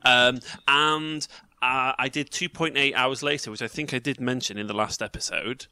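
A man chatting as a podcast host, telling stories excitably with swearing and restarts. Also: medium pitch, moderate pace, clear, resonant tone. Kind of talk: casual chat.

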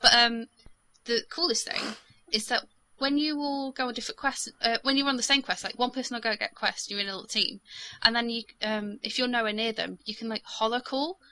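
A woman's voice: on the high side, steady tone, fairly quick, bright, forceful tone. A young woman co-hosting a casual gaming podcast, chatty and full of fillers, laughing often. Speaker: podcast co-host.

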